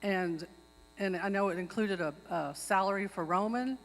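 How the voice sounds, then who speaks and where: A woman's voice: medium pitch, normal speed. Woman pushing her motion at a council meeting, keeps repeating stuff for emphasis, voice ringing in a big pavilion. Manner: earnest, repeats herself when stressing a point. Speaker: tribal member making a motion. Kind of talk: speaking at a public meeting. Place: outdoor pavilion. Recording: long hall reverb.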